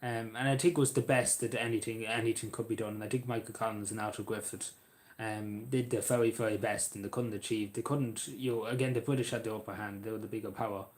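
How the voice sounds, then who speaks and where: Halting young Irish man. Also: lowish voice, fairly even intonation, a little mellow. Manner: halting, many ums, repeats phrases. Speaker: vlogger answering viewer questions. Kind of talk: casual Q&A monologue.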